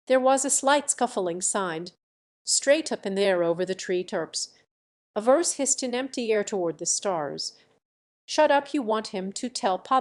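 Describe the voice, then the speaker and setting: A woman narrates a novel in a steady, measured storytelling voice. Her pitch sits in an ordinary middle range for a woman. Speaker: audiobook narrator. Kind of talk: scripted narration.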